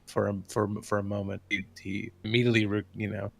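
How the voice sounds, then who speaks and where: A man narrating a tabletop game as game master, in a halting way that restarts phrases. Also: lowish voice, level tone, creaky.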